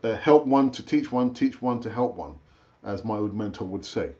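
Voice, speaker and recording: A man hosting a casual live-stream football chat, chatty and animated, rambling with fillers and restarts, his pitch jumping up when he gets excited. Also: normal speed, muffled recording. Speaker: football channel host.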